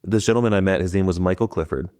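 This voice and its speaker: A man's voice: deep voice, fast, darkish tone. A man hosting a podcast, retelling a story in a casual, rambling way. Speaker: podcast host. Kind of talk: podcast interview.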